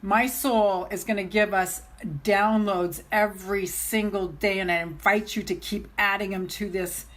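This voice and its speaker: A middle-aged woman and self-love coach talking casually on a live stream, gushing and excitable, laughing often as she speaks straight to her viewers. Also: medium pitch, a little slow.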